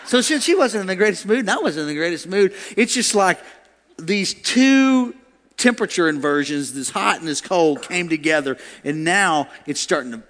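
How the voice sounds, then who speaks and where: Male pastor, sermon, higher voice with wide swings, echoing church hall. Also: normal speed. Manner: animated, acts out voices and laughs.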